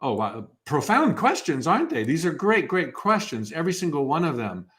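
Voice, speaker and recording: A man's voice: on the high side, big pitch swings, normal speed, a bit bright. Upbeat man in his fifties. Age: 50s. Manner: enthusiastic, upbeat, with frequent restarts. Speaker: motivational speaker hosting a live workshop. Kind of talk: live motivational workshop talk.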